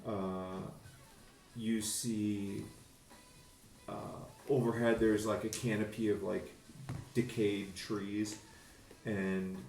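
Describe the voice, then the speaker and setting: A man narrating a tabletop game as game master, halting, with many fillers. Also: fairly low pitch, little pitch movement, a little mellow. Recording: echoey room, faint music.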